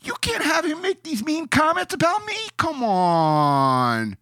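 A shrill, whining young manchild pleads and complains like a sulking kid. The voice jumps far above the impersonator's natural register and stays loud and petulant. The recording is dry and close. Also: male voice, very animated, a little slow, no room sound, exaggerated voice. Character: whiny childish young man complaining.

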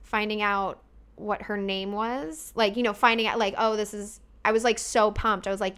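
A woman in her late twenties chatting casually on a podcast, excitable and full of "like". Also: mid-range voice, normal speed, smooth. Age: 20s. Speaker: podcast guest co-host. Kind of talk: casual chat.

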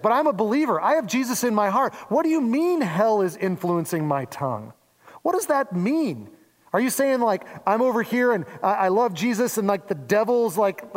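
A man's voice: high voice, big-room sound. A man from Oregon preaching a conversational sermon as a pastor, with playful acted-out asides. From Oregon, USA.

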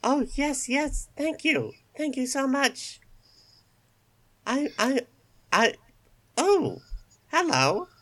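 A game master voicing a small, timid and grateful female bunny in a high squeaky voice, stammering breathlessly. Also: very animated, drawn-out words, long pauses, fairly bright tone, full character voice. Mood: flustered, grateful. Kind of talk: online tabletop role-play.

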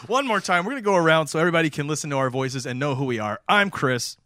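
A man's voice: on the high side, lively intonation, rapid-fire, sharp tone, no echo, studio quality. A man hosting a casual podcast chat, rambling and correcting himself as he explains the show. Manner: rambling, self-correcting, upbeat. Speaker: podcast host.

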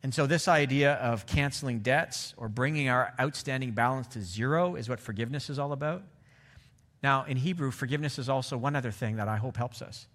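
A middle-aged man preaching a sermon in a relaxed, conversational way, often checking in with his listeners. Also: medium pitch, brisk. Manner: conversational, asks the audience "right?". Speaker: pastor.

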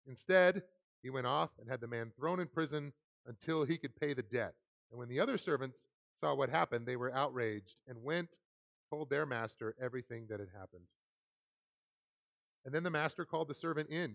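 A man's voice: mid-range voice, moderate pace, no echo. A man, a pastor, preaching a sermon, telling stories about himself with self-deprecating humor and reading scripture earnestly. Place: church sanctuary.

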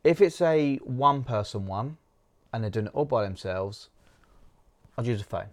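A man's voice: mid-range voice, animated, moderate pace. A man co-hosting a podcast, giving practical advice step by step. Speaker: co-host.

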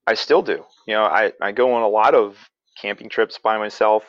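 A man from Pennsylvania with a lowish voice, telling a childhood story in a loose, rambling way and chuckling as he goes. The sound is dry and close, with a slightly dull, narrow tone. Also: steady tone, moderate pace, dry recording. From south-central Pennsylvania. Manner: rambling, chuckling, self-correcting. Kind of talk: casual storytelling.

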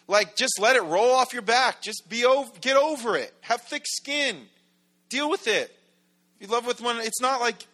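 A man's voice: mid-range voice, sharp tone. A middle-aged man preaching a casual, conversational sermon as a pastor, full of asides and rhetorical questions.

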